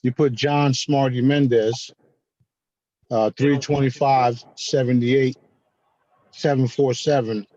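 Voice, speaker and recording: A man hosting a group call, casual and loud, laughing often and swearing a lot. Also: medium pitch, fairly even intonation, slow, pauses often, dull audio. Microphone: video call.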